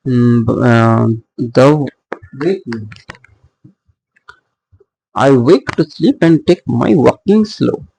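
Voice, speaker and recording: A man teaching poetic meter in a recorded lecture, explaining slowly with pauses and fillers as he works through examples. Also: mid-range voice, gravelly, darkish tone, dry recording, low-quality recording. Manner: slow, halting explanation with frequent fillers and restarts. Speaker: literature teacher.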